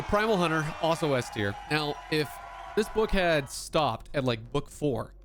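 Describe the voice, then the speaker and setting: A man casually reviewing fantasy books on his vlog, animated and slangy, laughing often. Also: a little high, a little slow, background noise. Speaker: book reviewer.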